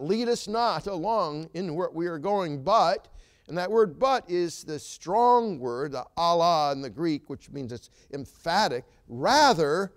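Male pastor, sermon delivery, emphatic, somewhat higher voice, pauses with fillers. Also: a little mellow. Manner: emphatic preaching with rhetorical questions and frequent "uh" fillers. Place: church sanctuary.

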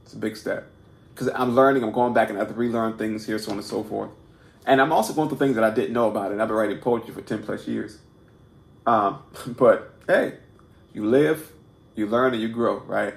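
Gravelly man teaching in a loose, halting way. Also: fairly low pitch. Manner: halting, many repeated words and restarts, keeps asking "right?"; self-deprecating and informal. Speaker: poetry teacher and host. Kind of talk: casual unscripted video lesson. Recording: echoey room.

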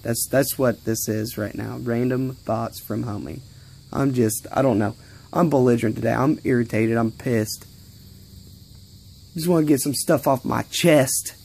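Gravelly, profane young man rambling outdoors. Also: mid-range voice, unhurried, darkish tone. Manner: rambling, profane, easily irritated. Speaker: vlogger. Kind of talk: casual rambling vlog rant. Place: outdoors in a yard.

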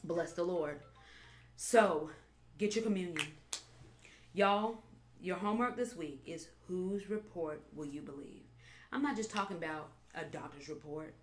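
A woman pastor preaching a sermon with animated delivery, repeating phrases and building to emphatic peaks. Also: on the low side, measured pace, a little hiss or hum.

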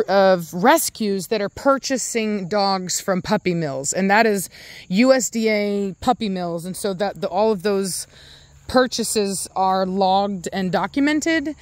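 A young adult woman chats loosely on her vlog, restarting her sentences and cooing at her dogs along the way. Her voice sits mid-range in pitch. The sound is dry, with no room echo. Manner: rambling with many restarts, coos at her dogs. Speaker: dog breeder and channel host. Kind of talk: casual vlog talk.

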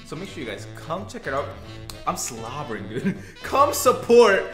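A man's voice: a little high, big pitch swings, moderate pace, echoey room, over music. A man co-hosting a reaction video in playful casual chat, often laughing.

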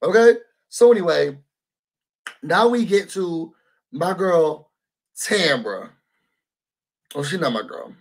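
A man with a high, husky voice gives a casual recap of a reality show. He is sassy and animated and talks straight to his viewers as y'all. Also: slow, pauses often. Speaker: YouTube host reviewing a reality show.

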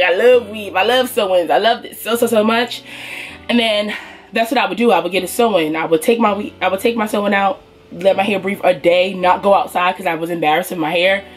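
A young woman getting over a cold, telling her hair story in a casual, animated vlog and speaking to viewers as y'all. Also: mid-range voice. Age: young adult. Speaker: beauty vlogger.

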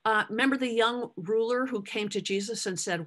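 A woman's voice: mid-range voice, moderate pace, hardly any pauses, fairly bright tone. A middle-aged woman giving a conversational Bible teaching, acting out the lines she quotes.

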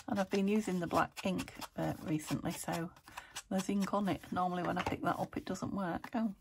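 A woman's voice: lowish voice, steady tone, moderate pace, gravelly, noisy background. A woman chatting to herself as she crafts a junk journal, muttering and talking to her materials as she works. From United Kingdom. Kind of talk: casual crafting commentary.

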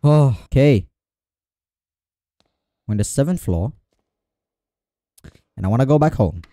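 A jittery man talks his way through a horror game, and his pitch jumps all over the place. His voice is mellow and dark, and the recording is close and dry. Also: animated, a little slow, long pauses, no echo. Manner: jittery, talks to himself and repeats phrases when scared. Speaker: gamer playing a horror game. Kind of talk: let's play commentary.

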